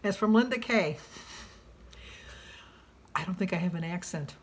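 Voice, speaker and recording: A woman's voice: lowish voice, lively intonation, a little slow, very noisy. A woman with a Midwestern accent, talking to her viewers in a casual, gushing vlog and breaking into playful singing. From Michigan, USA. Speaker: weight-loss vlogger.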